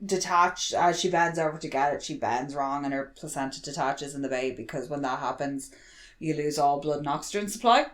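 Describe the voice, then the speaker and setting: A woman's voice: deep voice, fairly quick. A woman co-hosting a casual podcast chat, swearing freely and mocking film lines in put-on voices. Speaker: podcast co-host.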